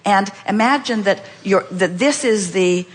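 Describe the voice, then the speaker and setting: A woman speaks from a seminar stage, coaching an audience member. Her delivery is emphatic and repetitive, often quoting the listener back to them. Her mid-pitched voice rings with long reverb in a large hall, heard on an archived recording. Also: measured pace. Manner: emphatic, repeats phrases, quotes the listener back.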